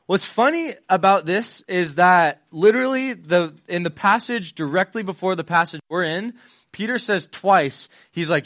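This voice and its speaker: A man's voice: high-pitched, animated, fairly quick, a bit bright, dry recording, clean studio sound. A young man giving a casual sermon, retelling Bible scenes in modern slang and playing the parts.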